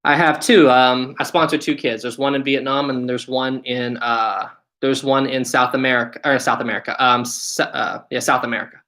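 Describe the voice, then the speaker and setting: A young man with a West Virginian accent chats easily on a live stream, reading questions from his viewers aloud. His voice is bright and open, and he keeps saying things are "really, really" cool. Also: medium pitch, steady tone, normal speed. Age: 20s. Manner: friendly, repeats "really, really". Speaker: channel host.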